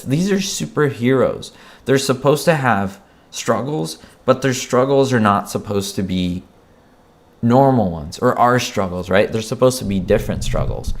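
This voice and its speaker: A man giving a casual spoken film review, passionate and frank, often repeating words and asking "right?" as he goes. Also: on the low side.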